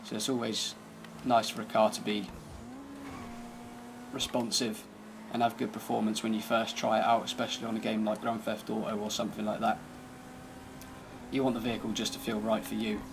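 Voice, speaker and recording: A man's voice: on the low side, monotone, fairly quick, vocal fry, noisy background. A man giving casual, laid-back commentary over gameplay, thinking aloud as he drives and tests a car. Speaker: gaming channel host.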